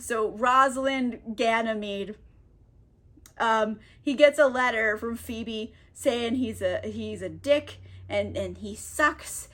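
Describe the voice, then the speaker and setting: A woman recapping a play in a casual comedic way, rambling, exasperated and laughing, high. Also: a bit bright. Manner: rambling, exasperated, laughing, acts out quick character voices. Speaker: book reviewer.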